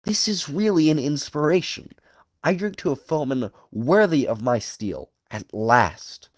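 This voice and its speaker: A courtly, cruel aristocratic general, as a male audiobook reader voices him, pitched a little above his narration and savouring each slow, lively phrase. The purring delivery sits dry and close to the mic. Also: no echo. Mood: relishing. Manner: drawn-out, relishing phrasing raised above the narrator's voice. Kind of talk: audiobook character voice.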